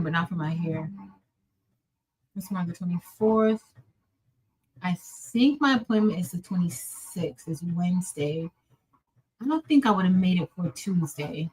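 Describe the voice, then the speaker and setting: A woman's voice: lowish voice, normal speed, pauses often, breathy edge, rough recording. A woman hosting a casual live stream, chatting and greeting viewers by name while she works. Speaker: livestream host.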